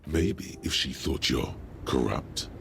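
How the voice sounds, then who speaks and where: An actor voicing a grave, commanding inner-voice narrator in a detective video game, speaking in measured, dryly judging pronouncements. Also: male voice, lively intonation, a bit bright, a little hiss or hum, full character voice. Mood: dry, ominous. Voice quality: deep gravelly voice. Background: game music.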